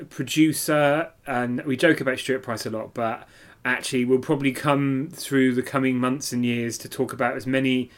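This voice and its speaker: A man's voice: mid-range voice, a bit bright. Man, podcast co-host, casual music chat, enthusiastic, mid-range voice, hesitant fillers.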